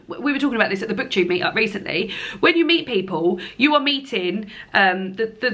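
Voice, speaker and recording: A woman talks to camera from her lounge at home. Her voice is bright and forward, and her casual chat rambles along, full of "um"s and quick laughs. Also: mid-range voice. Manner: chatty, rambling, laughs often, many fillers. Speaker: book vlogger.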